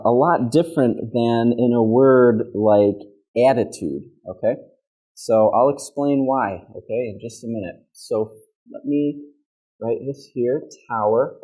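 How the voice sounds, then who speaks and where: A male pronunciation teacher with a Midwestern American accent, speaking unhurriedly in a warm, mellow voice. He models each sound clearly and patiently keeps checking in with his students. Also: mid-range voice, low-quality recording. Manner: patient, checks in with "okay?" constantly; demonstrates sounds by modeling words aloud. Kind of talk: classroom lesson.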